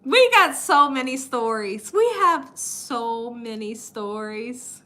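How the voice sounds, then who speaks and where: A woman hosting a live cooking stream, telling stories in a lively way and laughing often. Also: a little high, slow pace. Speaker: cooking channel host. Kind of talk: live-stream storytelling chat.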